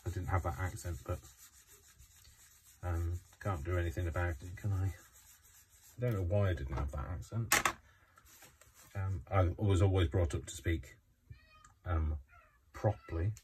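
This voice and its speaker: A man's voice: deep voice, a little slow, pauses often, noisy background. A man from Coventry, chatting casually while crafting, rambling with many fillers. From Coventry, England. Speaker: craft vlogger.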